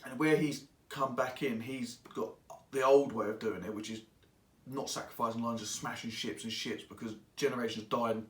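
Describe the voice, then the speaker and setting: Casual male reviewer, rambly and animated, recorded in an echoey room. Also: mid-range voice, moderate pace, far from the mic. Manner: rambling and excitable, acts out characters in quotes. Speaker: book reviewer. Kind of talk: casual spoken book review. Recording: echoey room, voice away from mic.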